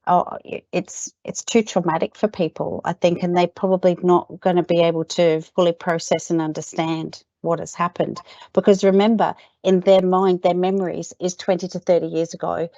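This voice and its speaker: A woman's voice: fairly low pitch, little pitch movement, normal speed, warm tone, no echo. A woman presenting a webinar, explaining care advice in an emphatic, practical way. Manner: emphatic and explanatory, often opening with "look". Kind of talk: webinar discussion. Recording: dry, dull video call.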